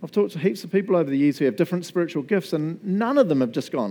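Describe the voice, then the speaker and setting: A man's voice: fairly high pitch, expressive, very fast, warm tone. A male pastor preaching a sermon in a casual, chatty way, often laughing as he talks.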